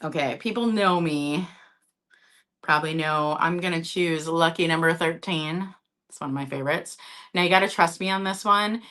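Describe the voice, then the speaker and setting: A woman's voice: deep voice, moderate pace, a bit bright. A woman hosting a live-stream vintage sale, chatty and casual, often checking in with her viewers.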